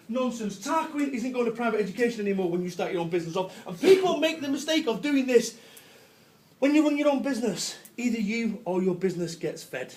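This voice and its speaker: A man with a Manchester accent gives a brash, joking motivational business talk at a live event. His voice sits high for a man, and he laughs and swears along the way. A faint noise runs under the recording. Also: animated, a little fast, darkish tone. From Salford, England. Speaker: business speaker.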